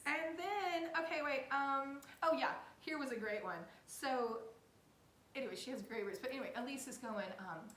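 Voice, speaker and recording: A woman co-hosting a podcast, chatting and gossiping in a giggly, animated way and acting out what other people said. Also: high-pitched, normal speed, roomy sound, slight background noise. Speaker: podcast co-host. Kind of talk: casual gossip chat.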